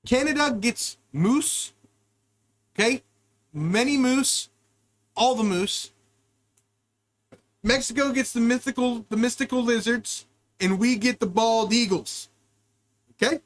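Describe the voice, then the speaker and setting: A man's voice: extremely high pitch, unhurried, long pauses. A man hosting a podcast, telling rambling, crude comic stories and jumping between wild tangents. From United States. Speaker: podcast host. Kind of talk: rambling comedic storytelling.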